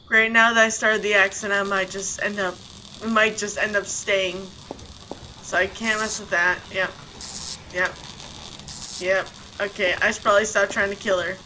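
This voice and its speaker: A woman's voice: medium pitch, moderate pace, sharp tone, slight background noise, rough recording. A woman playing a video game and commenting casually, thinking aloud and easily startled.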